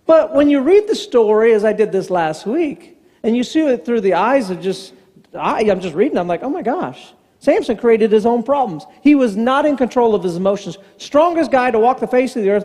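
A man preaching a sermon as pastor, conversational and joking, acting out the people in the story with quick voices. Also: sits high, warm tone. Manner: conversational, acts out quotes in voices. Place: church hall. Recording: hall reverb.

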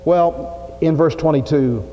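Pastor preaching on an old church tape. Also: male voice, on the high side, takes it slowly, soft background music. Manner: folksy preaching, swings from loud to hushed. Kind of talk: sermon. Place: church sanctuary. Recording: lo-fi 1980s church tape with long reverb and faint hiss.

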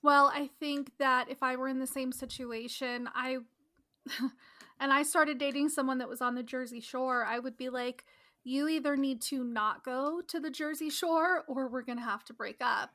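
Podcast host, woman, high bright voice, casual outspoken chatter. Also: steady tone, moderate pace. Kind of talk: casual chat.

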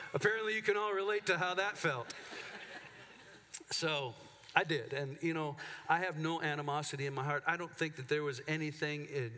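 A pastor speaking candidly in a sermon, halting and emotional as he tells a personal story with many restarts. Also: medium pitch, pushed and bright. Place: church sanctuary. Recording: church hall with long reverb.

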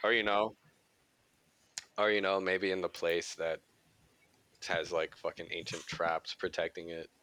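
A man with a somewhat low voice co-hosts a casual podcast, rambling through stories and swearing freely. He laughs often as he talks. The sound is dry and close, with no room echo. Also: flat delivery, unhurried, long pauses, pushed and bright. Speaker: podcast co-host. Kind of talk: casual chat.

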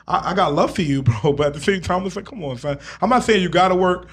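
A man's voice: high voice, quick pace, fairly bright tone, husky. A man co-hosting a radio show in casual chat, with laid-back slang and lots of "you know what I'm saying". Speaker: radio co-host. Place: radio studio.

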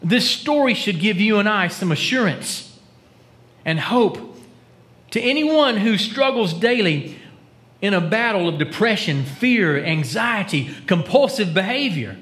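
A man preaches in church in a bright, high voice that rises and falls freely. He talks to his congregation conversationally, asking them questions. He drops to a near whisper for dramatic quotes. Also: very animated, measured pace. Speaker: pastor. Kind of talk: sermon.

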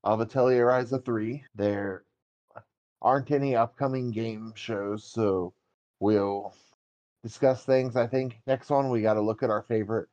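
A man's voice: lowish voice, steady tone, unhurried, darkish tone, dull audio. A man co-hosting a casual gaming podcast, teasing and arguing his points. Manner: argumentative, teasing. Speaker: podcast co-host.

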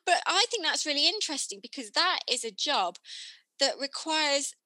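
Woman host, bright higher voice, dry close sound, casual chat. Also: animated, normal speed, no echo, low-quality recording.

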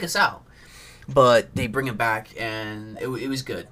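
A young man co-hosting a podcast, chatting casually and excitedly about a film, swearing a lot and acting out scenes. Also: fairly low pitch, unhurried. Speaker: podcast co-host. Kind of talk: casual movie chat.

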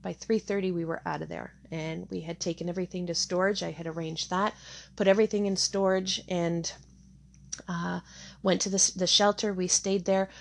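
A woman's voice: lowish voice, steady tone, normal speed, gravelly. A middle-aged woman telling her own hard story candidly, with many fillers and restarts. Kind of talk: personal testimony.

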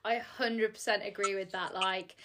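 A woman's voice: medium pitch, fairly even intonation, moderate pace, fairly bright tone. A woman hosting a casual podcast chat, talking frankly and laughing often. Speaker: podcast host.

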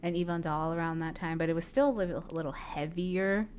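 A woman's voice: on the low side, quick pace, a little mellow, dull audio, a little hiss or hum. A young woman co-hosting a podcast, chatting casually and swearing offhandedly. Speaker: podcast co-host. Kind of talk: casual chat.

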